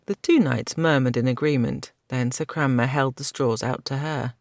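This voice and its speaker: Male audiobook narrator, gravelly, even delivery. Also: mid-range voice, normal speed, few pauses, no echo, studio quality. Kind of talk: scripted fantasy narration.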